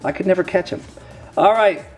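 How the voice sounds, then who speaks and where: A man's voice: sits high, a little fast, soft background music. A middle-aged man rambling casually to camera while opening card packs, with self-mocking, folksy asides.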